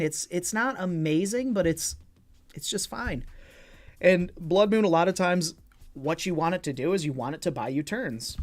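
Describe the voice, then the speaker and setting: A man's voice: high-pitched, normal speed, soft background music. Playful man streaming a card game. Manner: playful, banters with chat, swears casually. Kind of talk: casual livestream commentary.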